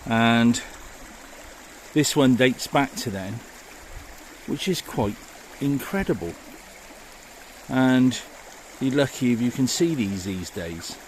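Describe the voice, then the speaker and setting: Slow and animated, a man's mid-range voice carries a bit of background hiss or hum. He's a walking vlogger outdoors by a river and woodland path, narrating history with excitement and amazement.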